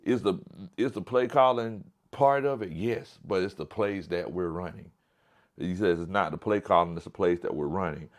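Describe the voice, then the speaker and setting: Man, very deep voice, casual sports talk host, blunt, emphatic, circles back on his points. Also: moderate pace. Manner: blunt, emphatic, repeats himself.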